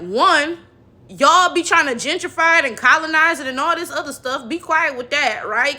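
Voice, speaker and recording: A woman hosting a reaction commentary video, talking in an animated, sassy way with laughing asides. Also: sits high.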